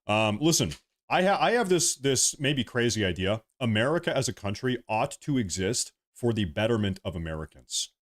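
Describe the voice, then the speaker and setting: Young male streamer, mid-pitch, heated and repetitive political rant, occasional swearing. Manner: passionate ranting, repeats himself, swears. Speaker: political commentator livestreaming. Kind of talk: heated livestream monologue.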